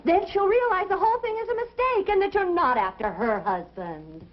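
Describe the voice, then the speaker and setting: An actress in a 1950s sitcom playing a brisk, bossy best friend. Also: female voice, very high voice, expressive. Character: pushy helpful best friend, adult woman. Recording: dull old TV soundtrack, audience murmur.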